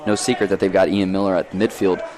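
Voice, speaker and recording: A man giving live play-by-play commentary on a lacrosse game outdoors, folksy and energetic as he calls the action. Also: sits low, fast, background noise.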